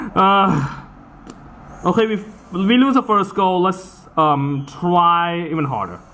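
Excitable man groaning through a match. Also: sits high, slow, slight background noise. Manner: excitable, swears and groans at the game. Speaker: gameplay commentator. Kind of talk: casual let's-play commentary.

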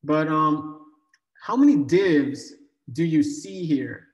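A man with a fairly high, animated voice teaches a live online coding bootcamp class at a slow pace. He's casual and joking, full of fillers and restarts, and the echoey room has long reverb.

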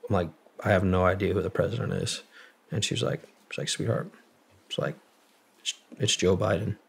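Young male vet, low gravelly voice, husky, halting and profane storytelling. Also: steady tone. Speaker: guest, Marine veteran. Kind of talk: casual storytelling.

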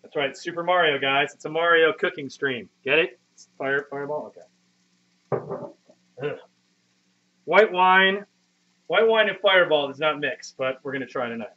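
A man's voice: on the high side, normal speed, pauses often, sharp tone. A man in his thirties live-streaming from a home kitchen, chatting with viewers in a rambling, profane, self-deprecating way. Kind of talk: casual live-stream chat. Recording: muffled lo-fi stream audio.

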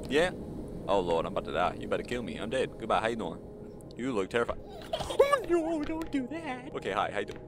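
A man's voice: fairly low pitch, lively intonation, fast talker, heavy background noise. A man doing horror game commentary, jumpy and panicky, pleading with and talking back to the monster chasing him. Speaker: gaming channel host. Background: game music.

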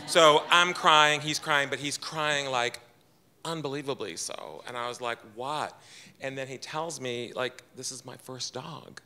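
Bright-voiced man telling a funny story. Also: medium pitch, measured pace. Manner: chatty, self-deprecating, quotes people in his own voice. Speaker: storyteller at a live event. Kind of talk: personal story told to a live audience. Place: event room with audience.

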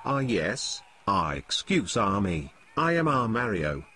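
A man's voice: lowish voice, sing-song, takes it slowly, pushed and bright, slightly rough, exaggerated voice. Male actor doing a hokey French-accented Mario, heavy "ah" fillers. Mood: pleading. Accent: put-on French. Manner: stuffs "ah" between words. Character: man named Mario with a fake French accent.

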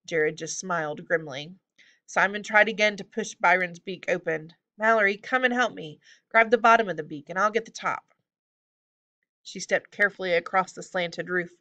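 A woman narrating a storybook aloud with a steady, clear reading. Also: fairly low pitch. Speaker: audiobook reader.

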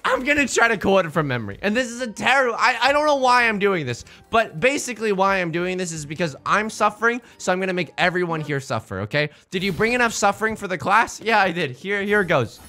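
Bright, lively-voiced young man streaming. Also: high voice, fairly quick, soft background music. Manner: rambling, jokey, restarts phrases, swears. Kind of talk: casual livestream chat.

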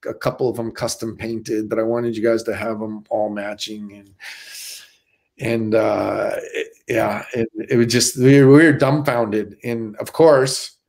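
This middle-aged stuntman guest has a lowish, creaky voice and talks a little slowly. Animated, he tells stories in a casual interview, restarting many times.

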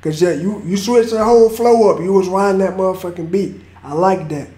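A man's voice: high-pitched, a little fast, warm tone. A man hosting a reaction video, reacting to a freestyle in laid-back slang and hyping up the rapper. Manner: laid-back slangy hype, calls people bro. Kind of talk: casual reaction commentary.

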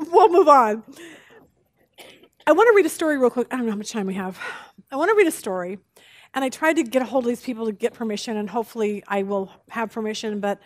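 A woman teaching a women's Bible study, animated and expressive, telling jokes as she speaks. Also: fairly high pitch, no room sound.

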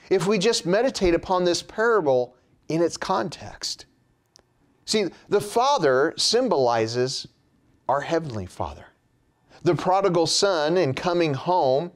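A man preaching a sermon in a slow, measured way, his pitch dropping at the end of phrases.

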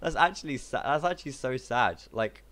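A man chatting casually while co-playing a video game, excitable and quick to yelp and laugh. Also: medium pitch. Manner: excitable, yelps and laughs at mishaps. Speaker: gamer co-playing a prison game. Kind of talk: casual gaming chat.

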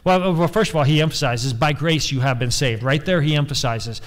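A man's voice: medium pitch, fairly quick, hardly any pauses. A man preaching a sermon as pastor, emphatic, repeating key phrases and putting questions to the congregation.

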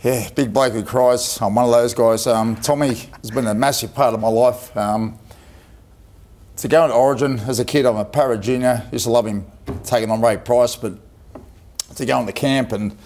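A man's voice: mid-range voice, fairly even intonation, normal speed, darkish tone. A middle-aged Australian man, a former player, spinning emotional, colloquial yarns as a guest on a sports panel. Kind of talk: TV panel anecdote.

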